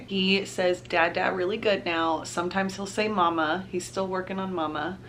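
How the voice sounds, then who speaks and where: A woman's voice: mid-range voice, flat delivery, normal speed, fairly bright tone, a little hiss or hum. A young woman, chatting casually to camera as a mom vlogger and laughing often.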